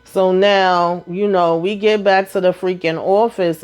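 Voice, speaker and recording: A woman casually recapping a TV episode, acting out characters' lines in quick, animated bursts and blunt, profane asides. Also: on the low side, smooth. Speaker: TV show recap host.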